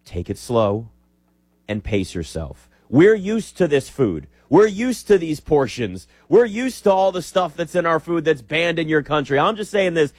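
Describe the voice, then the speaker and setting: A man's voice: fairly high pitch, sing-song, unhurried, no room sound. An American man hosting a sports talk show, delivering an emphatic, sarcastic opinion monologue.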